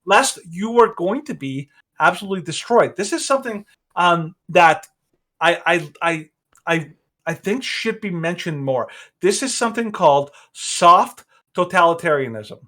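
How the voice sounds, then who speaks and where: A man's voice: high voice, lively intonation, unhurried, pushed and bright. A man hosting a podcast, giving rambling, opinionated commentary with frequent restarts. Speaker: podcast host.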